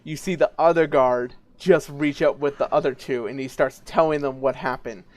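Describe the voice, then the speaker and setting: A man's voice: medium pitch, steady tone, moderate pace. A man running a tabletop game as game master, narrating casually with many fillers.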